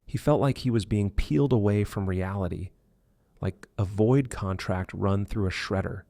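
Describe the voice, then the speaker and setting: A man reading an audiobook thriller in measured, dark scripted narration. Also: fairly low pitch, gravelly, dry recording, studio quality.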